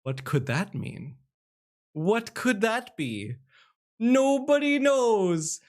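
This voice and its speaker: Excitable high-voiced male game streamer. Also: very slow. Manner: excitable, gasping, laughing reactions. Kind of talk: live game stream commentary. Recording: game music playing under the voice.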